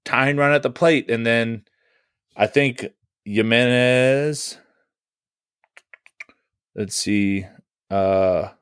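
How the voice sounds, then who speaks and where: A man's voice: medium pitch, drawn-out words, long pauses, fairly bright tone, clear, resonant tone, no echo, studio quality. A man co-hosting a baseball podcast, talking loosely with lots of fillers and swearing. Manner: loose and profane, many fillers. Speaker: podcast co-host. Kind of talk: casual sports podcast chat.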